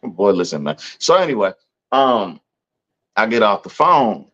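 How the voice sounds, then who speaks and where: Man, podcast co-host, very deep voice, casual storytelling, acts out quotes, muffled lo-fi sound. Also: a little slow, creaky. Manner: animated, acts out quoted voices in a higher pitch; peppers talk with "you know what I'm saying". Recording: dull lo-fi sound.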